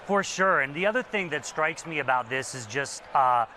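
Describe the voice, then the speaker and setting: A man co-anchoring a live event broadcast, relaxed and friendly. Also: on the high side, normal speed, slight background noise. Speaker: studio anchor.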